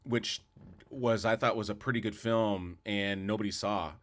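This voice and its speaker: At a normal speed and with fairly even intonation, a man with a lowish voice co-hosts a podcast. He talks movies casually, rambling, repeating words, restarting a lot and sharing firm opinions.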